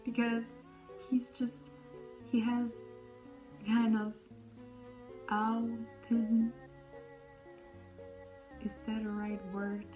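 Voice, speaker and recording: A young woman chatting casually about books on her vlog, gushing and rambling, often dropping into breathy whispered asides. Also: fairly high pitch, flat delivery, very slow, pauses often, warm tone, faint music behind, rough recording. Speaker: book vlogger. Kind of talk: casual book talk.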